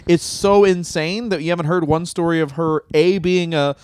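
A man's voice: a little high, fairly even intonation, moderate pace, a little mellow, clear, resonant tone, no room sound. A man co-hosting a comedy podcast, telling stories in a loose, profane way. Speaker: podcast co-host. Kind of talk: casual comedic chat.

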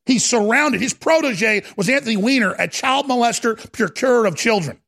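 A male talk host rants in a fervent, preacher-like monologue. His voice sits high, with heavy gravel and a husky edge. He often erupts into shouting. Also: expressive, normal speed. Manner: impassioned, preacher-like, bursts into shouting.

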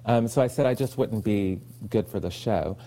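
Guy from oklahoma chatting on a podcast, lowish warm voice, acts out what people said. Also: normal speed. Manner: animated storyteller, acts out quoted lines, laughs easily. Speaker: podcast guest, actor. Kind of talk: casual interview chat.

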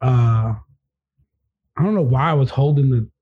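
A man in casual podcast chat, telling a story in a hesitant, halting way. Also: medium pitch, slightly rough. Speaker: podcast co-host. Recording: tinny phone-like sound.

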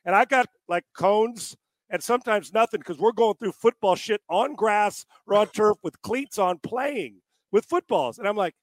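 Exasperated high-voiced quarterback coach, dry sound. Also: male voice, normal speed, no room sound. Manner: exasperated, swears freely, mocks gimmicky training. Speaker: quarterback trainer. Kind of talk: casual profane storytelling.

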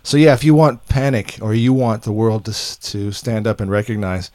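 A man's voice: fairly low pitch, normal speed, darkish tone, no room sound, clean studio sound. Chatty man hosting a fan podcast. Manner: enthusiastic, chatty, restarts often. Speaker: podcast host. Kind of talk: casual chat.

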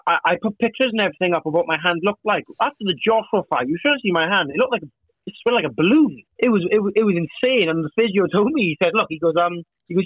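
Fast-talking Welsh man, high and excitable. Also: no echo, phone-quality sound. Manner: excitable, jokey storyteller. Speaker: boxer guest. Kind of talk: casual chat.

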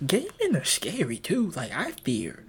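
A man's voice: a little high, wildly swooping pitch, a little slow, breathy edge. A young man hosting a podcast, rambling in casual chat with frequent stammering restarts. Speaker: podcast host.

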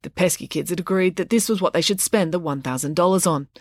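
A woman's voice: on the low side, quick pace, no echo, studio quality. Woman narrating a children's audiobook. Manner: expressive storytelling. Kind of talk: scripted narration.

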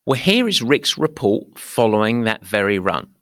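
A man hosting a running podcast, telling a coaching story with lively asides to his listeners. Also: on the low side, moderate pace, dry recording, clean studio sound. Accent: not American. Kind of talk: podcast monologue.

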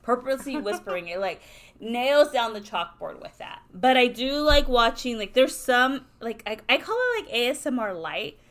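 A woman's voice: on the high side, very animated, normal speed, a bit bright. Chatty woman podcast host. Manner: chatty, ranting, lots of fillers. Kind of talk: casual chat.

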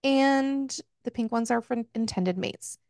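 A woman's voice: fairly high pitch, a little slow, darkish tone, dry recording, clean studio sound. A woman hosting a book club podcast, casually retelling a story with swearing and jokes. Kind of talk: casual book recap chat.

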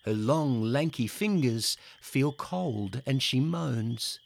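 A man narrating a rhyming children's story in a gentle, rhythmic way. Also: mid-range voice, lively intonation, slow pace, vocal fry, over loud music.

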